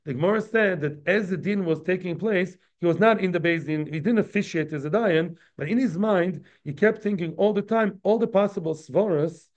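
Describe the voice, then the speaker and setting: A man's voice: sits high, lo-fi sound. A man teaching a daily Talmud class in a conversational lecture style, often asking his listeners questions.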